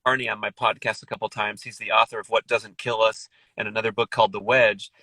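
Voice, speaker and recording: Middle-aged male podcast guest, eager and rambling, forceful bright tone, dry close sound. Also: on the low side, flat delivery, quick pace, breathy edge, dry recording, rough recording. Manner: enthusiastic, rambling, frequent restarts. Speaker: podcast guest, wellness author. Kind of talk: casual podcast conversation.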